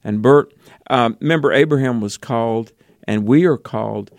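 A man's voice: medium pitch, moderate pace, a little mellow, dry recording. A man co-hosting a Christian call-in radio show, explaining in an earnest way with frequent fillers.

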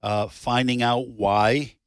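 A male radio co-host making wry jokes in casual studio talk, often restarting his sentences. His pitch is ordinary. The sound is close and dry. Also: steady tone, slow, smooth, no room sound.

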